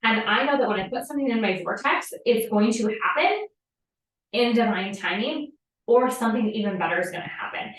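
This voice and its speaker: A woman's voice: on the high side, a bit bright. A woman hosting a live spiritual coaching talk, chatty and profane, with many fillers. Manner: casual, profane, filler-heavy with frequent "like". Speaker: podcast host and manifestation coach. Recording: echoey room, distant from the mic.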